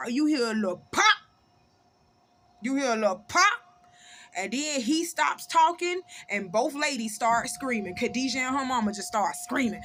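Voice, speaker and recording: A woman's voice: high voice, animated, measured pace, fairly bright tone. A woman hosting a casual commentary talk, blunt and emphatic, repeating her points for weight. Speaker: commentary channel host. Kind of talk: casual true-crime commentary.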